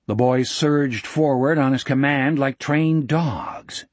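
Slow husky male audiobook narrator. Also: mid-range voice, dry recording. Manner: measured, dramatic storytelling. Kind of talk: scripted narration.

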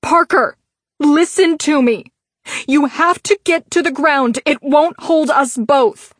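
A woman narrator voicing a frantic young woman who shouts urgent commands to get her brother out of a fire. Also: high-pitched, slow pace, no echo, clean studio sound, voice pushed up. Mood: commanding.

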